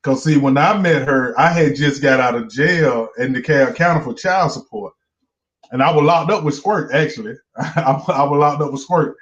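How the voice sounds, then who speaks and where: A Georgia man with a Southern accent, a host and comedian, spins a rambling, profane story in a casual chat. His voice is a little high, his pace moderate, and the stream audio is muffled and lo-fi.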